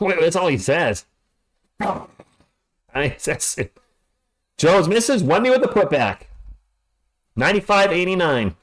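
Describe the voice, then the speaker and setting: Animated middle-aged man calling a game. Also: high voice, normal speed. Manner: animated, jokey, chatty. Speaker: play-by-play streamer host. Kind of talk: live play-by-play commentary and banter.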